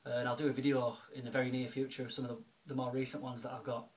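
Racing along in a medium-pitched voice with little pitch movement, a man talks casually in his home vlog. The video blogger and film collector thanks a friend, sounding chatty and grateful, his speech full of fillers and restarts.

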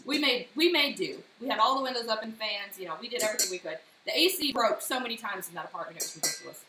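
Bright-voiced lady chatting thru a baking stream, telling stories as she mixes, echoey kitchen, a bit of hiss. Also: a little high, quick pace. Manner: chatty, animated anecdotes between step-by-step instructions. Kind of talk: casual live-stream baking demo and storytelling. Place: home kitchen. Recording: echoey kitchen with faint noise.

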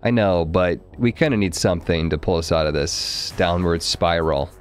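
Low-voiced, profane streamer man. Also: steady tone, normal speed, clean tone, faint music behind. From Arkansas. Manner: profane, wry, talks to his chat. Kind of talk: casual live-stream game commentary.

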